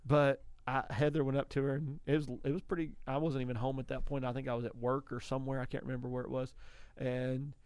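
Clear-voiced man, animated faith talk. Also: medium pitch, fast talker, few pauses, no room sound. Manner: animated storyteller, acts out quotes. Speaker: radio show co-host. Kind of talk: casual faith talk on radio.

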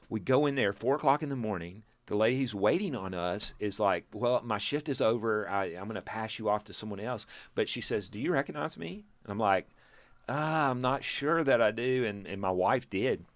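A man's voice: fairly low pitch, moderate pace, dry recording. A man in his fifties from Texas, a church planter, telling a long testimony story in casual group talk, acting out quotes and chuckling. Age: 50s. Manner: animated storyteller, acts out quotes, chuckles, restarts.

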